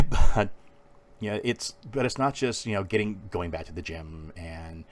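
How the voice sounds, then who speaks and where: A man's voice: low-pitched, expressive, unhurried. A man talking in a casual, rambling monologue, swearing freely. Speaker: vlogger.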